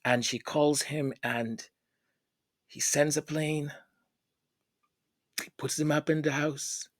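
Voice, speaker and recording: A man's voice: a little high, steady tone, slow pace, dry recording, clean studio sound. A man hosting a fan news channel, speaking in an emotional, tearful way with many stammered repeats. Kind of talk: casual vlog commentary.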